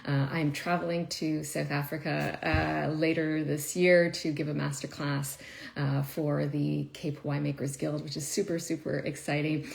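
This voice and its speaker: A woman's voice: deep voice, little pitch movement, moderate pace, creaky. A woman chatting casually to viewers on a live stream, emotional and laughing often, with many fillers. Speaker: wine video creator.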